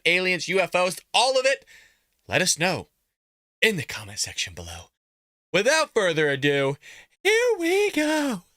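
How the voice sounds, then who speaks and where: A man hosting a casual reaction video, jokey and animated, swinging between loud outbursts and low mutters. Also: no room sound, studio quality.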